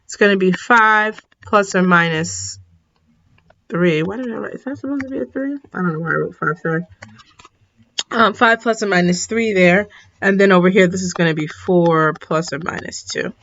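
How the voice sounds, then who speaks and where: A woman's voice: fairly low pitch, normal speed, a bit bright, slight background noise. Tired woman teaching math, lo-fi. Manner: casual, self-correcting, apologetic asides. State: yawning, tired. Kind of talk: recorded lesson at a whiteboard.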